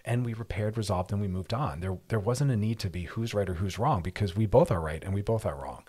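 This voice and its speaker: Male radio host giving relationship advice, a touch low and husky, easygoing and reflective. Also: a little fast, darkish tone. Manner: reflective, explains through personal stories.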